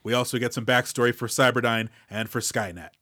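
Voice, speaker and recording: A man's voice: medium pitch, fairly even intonation, a little fast, bright, forceful tone, no room sound, studio quality. A man co-hosting a casual movie podcast, explaining film techniques in a loose, filler-heavy way. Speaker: podcast co-host.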